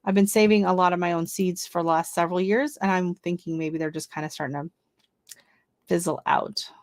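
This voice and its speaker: A woman's voice: fairly low pitch, fairly even intonation, brisk, no room sound. Chatty woman hosting a gardening livestream. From not from Canada. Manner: chatty, reads seed listings aloud and reacts. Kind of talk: casual live-stream chat.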